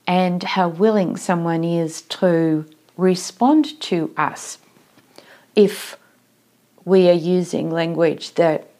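A woman's voice: fairly low pitch, dark tone. A woman giving a solo talk on workplace communication, reflective and asking listeners questions.

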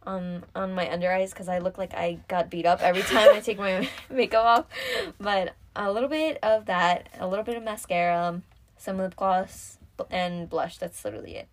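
A woman's voice: mid-range voice, steady tone, moderate pace. A teenage girl co-hosting a casual podcast, laid-back and hesitant, often trailing off. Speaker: podcast co-host. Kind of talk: casual chat.

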